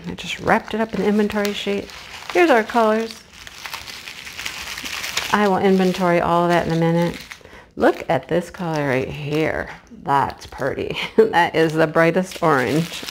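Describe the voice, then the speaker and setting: A woman chatting casually to her viewers as she unboxes a craft kit, gushing with excitement. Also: fairly low pitch, slight background noise. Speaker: craft vlogger.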